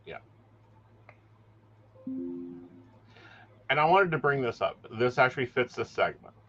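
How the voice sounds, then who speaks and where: A man talks in a mid-range voice on a casual podcast. He's blunt and profane and doesn't soften anything. The audio sounds muffled and lo-fi. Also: mid-range voice, animated, takes it slowly, faint music behind. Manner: blunt, profane, plain-spoken. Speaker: psychic and podcast co-host. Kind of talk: casual chat.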